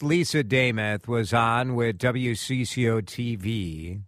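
A man hosting a radio talk show, chatty and quick to laugh. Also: medium pitch, dry recording, studio quality. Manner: lively, chatty, laughs easily.

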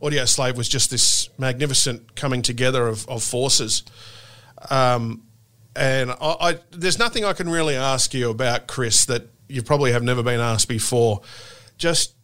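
Bright-voiced enthusiastic male interviewer. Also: mid-range voice, moderate pace. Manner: enthusiastic, effusive fan.

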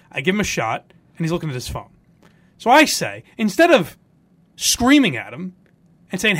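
Telling stories on his podcast in a casual, animated way, a man does mock voices for the people he describes. He has a high voice and a fairly quick delivery, captured in a dry recording.

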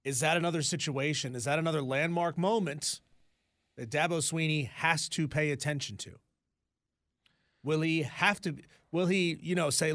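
Musing male radio co-host, fairly high voice. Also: normal speed, a bit bright, no echo, clean studio sound. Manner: musing, rhetorical questions. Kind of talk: sports talk radio banter.

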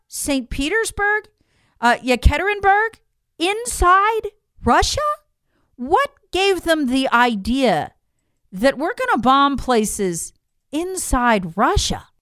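A woman holds forth in a political commentary monologue, her delivery emphatic and incredulous as she speaks straight to her listeners. Her voice sits fairly high and swings widely in pitch. The sound is smooth and clear, recorded dry and close. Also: a bit bright, dry recording.

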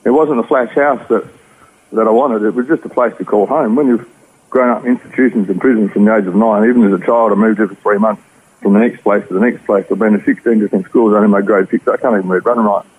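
An Australian man tells his story at a quick clip, earnest and rambling. His voice sits low and sounds husky. The audio is tinny and narrow, like a phone line on the radio. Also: fairly even intonation. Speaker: interview guest. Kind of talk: personal testimony.

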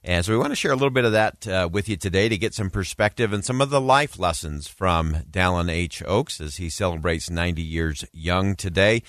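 Male host, low voice, casual delivery full of fillers, dry studio sound. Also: brisk, few pauses, a bit bright, no room sound. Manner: easygoing, frequent "uh" fillers. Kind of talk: casual commentary.

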